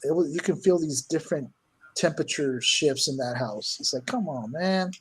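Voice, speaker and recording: A man's voice: a little high, moderate pace, slightly rough, low-quality recording. A man as an interview guest, telling stories casually and acting out his own exclamations. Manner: animated, acts out his own lines with raised voice. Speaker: guest, cryptid hunter.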